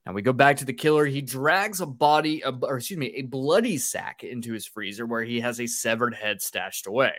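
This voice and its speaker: A man's voice: medium pitch, fairly bright tone, no room sound, clean studio sound. Joking man recapping a movie plot. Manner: joking, crude, brisk plot summary. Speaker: podcast co-host, recapping the plot. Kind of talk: casual chat and plot recap.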